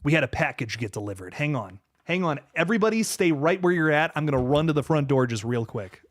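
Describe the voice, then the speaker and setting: Reading out viewer comments on a relaxed home livestream, this young host frequently repeats and restarts his words. He speaks quickly and animatedly in a higher-pitched voice, captured in clean studio sound without echo.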